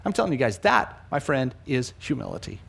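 A man preaching a sermon, animated, swinging between loud emphasis and hushed asides, often repeating words for emphasis. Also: mid-range voice, a little fast, gravelly, slightly rough. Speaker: pastor.

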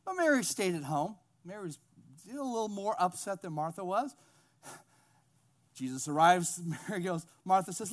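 A man preaching a sermon, retelling a Bible story with humorous asides and acting out its characters. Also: high voice. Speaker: pastor.

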